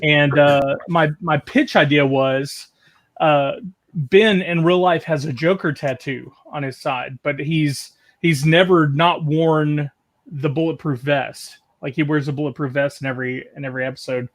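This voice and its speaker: A man's voice: a little high, steady tone, measured pace. A man telling a long story in a loose, casual way, full of "like" and restarts, from a video call. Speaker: guest caller.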